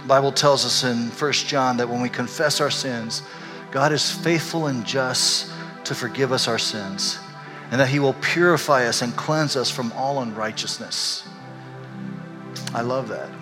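An older man, a pastor, telling a candid and emotional personal story in a sermon, animated as he goes. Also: mid-range voice, a little slow, over music. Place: church sanctuary. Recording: echoey hall.

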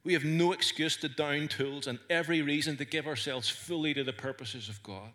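A man's voice: fairly high pitch, brisk, sharp tone. A man with a Northern Irish accent, preaching an earnest sermon to a congregation in church and telling stories with small stumbles. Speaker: pastor. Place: church service.

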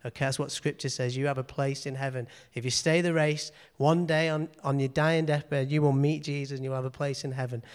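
A man's voice: mid-range voice, steady tone, a little fast, hardly any pauses, clean tone. A man giving an informal sermon in a church meeting room, earnest and repetitive, often checking in with "okay". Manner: earnest, repeats phrases, frequent "okay". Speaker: preacher.

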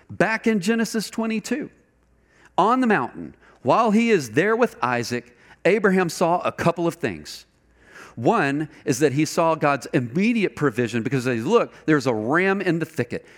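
A man preaching a sermon, animated and conversational, asking the congregation rhetorical questions. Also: fairly high pitch. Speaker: pastor.

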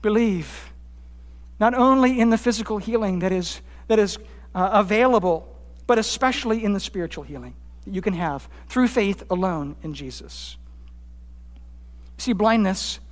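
Man preaching in an echoing hall. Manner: emphatic preaching, rising for quotes, dropping low on key points. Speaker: pastor. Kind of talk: sermon. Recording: long hall reverb.

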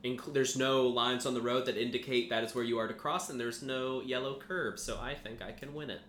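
A man's voice: mid-range voice, fairly even intonation, brisk, fairly bright tone, echoey room, a little hiss or hum. A young man co-hosting a podcast, chatting casually in a rambling, joking way with lots of swearing. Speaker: podcast co-host. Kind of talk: casual chat.

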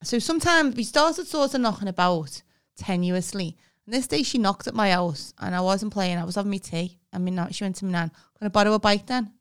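Smooth-voiced woman telling stories. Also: mid-range voice, brisk. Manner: rambling anecdotal storytelling with swearing. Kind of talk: casual chat.

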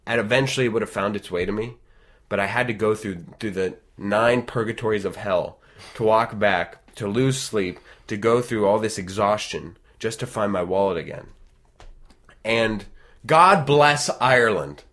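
A man telling a long personal story in casual chat, animated and rambling, with frequent restarts. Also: lowish voice, normal speed.

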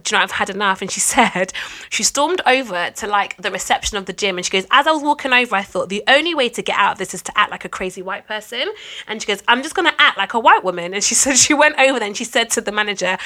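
Telling a story during a casual podcast chat, a female co-host is animated and acts out the quotes with big jumps in pitch.

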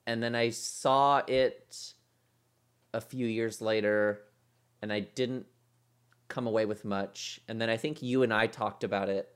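A man co-hosting a podcast in casual chat, thinking aloud with many pauses and fillers. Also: on the low side, steady tone, smooth. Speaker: podcast co-host.

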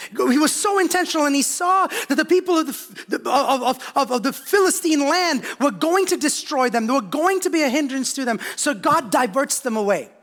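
High-voiced preaching man. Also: fairly bright tone. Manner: preaching, calls out to the congregation. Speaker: pastor. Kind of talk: sermon. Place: church sanctuary.

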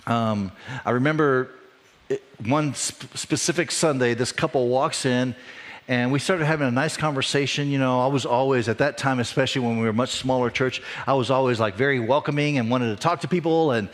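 A middle-aged man preaches a sermon in a relaxed, conversational way, telling stories from his own church life. His voice climbs and gets louder when he makes a point, then drops soft and low when he reflects. He sits at an ordinary middle pitch for a man. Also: fairly quick. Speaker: pastor.

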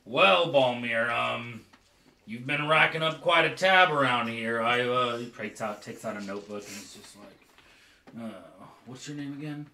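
A man's voice: medium pitch, measured pace, bright, forceful tone. A man voicing a chatty male innkeeper who keeps track of his customers' tabs, in a casual, teasing way, recorded in an echoey room. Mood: businesslike. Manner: casual, a little nosy and teasing. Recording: echoey room, faint noise.

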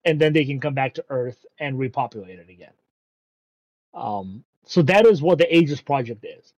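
A man's voice: medium pitch, expressive, normal speed, darkish tone, no echo, poor audio. A man casually recapping an anime episode, rambling with frequent ums and casual swearing.

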